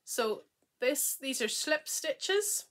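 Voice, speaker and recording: A woman hosts a knitting podcast in a relaxed, chatty way, often trailing off mid-thought before picking up again. Her voice is bright and forward. She gushes readily over what she is showing. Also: sits high, very slow. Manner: enthusiastic and gushing. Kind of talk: casual chat showing knitting projects.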